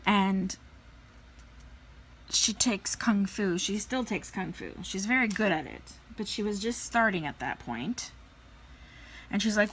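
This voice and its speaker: A woman in her thirties chats while she crafts, telling stories at an easy mid pitch. She fills her talk with "like" and "you know" and slips into playful voices when she quotes people. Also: lively intonation, a little slow, pauses often, a bit bright, husky. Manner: chatty, lots of fillers, playful voices for quotes. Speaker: crafting vlogger. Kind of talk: casual storytelling chat.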